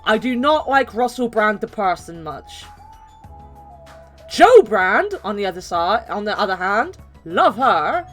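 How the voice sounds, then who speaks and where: She's a young game streamer from the West Country whose mild British accent shows a light local flavor. Over soft background music, her mid-range voice moves in an unhurried, sing-song fashion as she rambles, chats and laughs with viewers.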